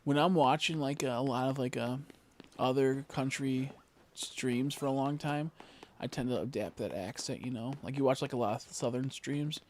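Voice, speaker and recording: Man, streamer, casual rambling chat, filler words, mid pitch, faint noise, key clicks. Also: normal speed.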